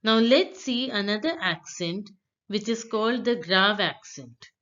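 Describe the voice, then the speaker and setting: A woman teaching pronunciation, slowly and patiently repeating words for beginners. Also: mid-range voice, lively intonation, fairly bright tone, highs cut off. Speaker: French teacher. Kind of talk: slow explanatory lesson.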